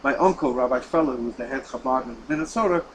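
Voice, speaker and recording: A man teaching a class as a rabbi, telling a story with lively delivery, repeating words and acting out the quoted lines. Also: mid-range voice, fast talker, a little hiss or hum, poor audio. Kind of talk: storytelling lesson.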